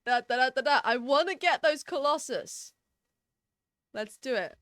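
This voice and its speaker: A woman streams a game in a playful, giggly way, with a bright, high voice and a lively, animated delivery. She talks slowly, and faint game music plays under her voice. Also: dry recording, studio quality. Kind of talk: casual game stream chat.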